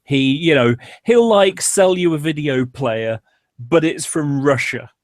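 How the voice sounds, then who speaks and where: A man's voice: fairly high pitch, a little slow, no echo, clean studio sound. A man chatting casually on an online call, rambling with lots of fillers. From England. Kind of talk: casual group chat.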